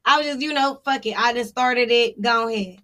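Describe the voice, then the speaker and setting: High, bright-voiced woman telling a story. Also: fairly quick. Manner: profane, animated storytelling with laughs. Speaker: podcast co-host. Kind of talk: casual storytelling chat.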